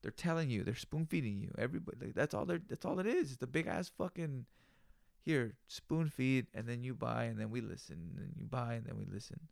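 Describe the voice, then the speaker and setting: Gravelly, profane man ranting high. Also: lively intonation, a little fast, no echo, studio quality. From United States. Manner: profane, loose, slangy ranting. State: high on cannabis. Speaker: solo podcast host. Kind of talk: casual rambling monologue.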